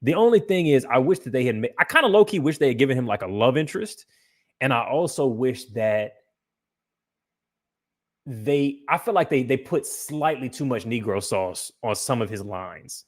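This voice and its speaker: A man's voice: mid-range voice, lively intonation, moderate pace. A man hosting a livestream podcast, talking casually in a loose, profane, rambling way with frequent restarts. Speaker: podcast host.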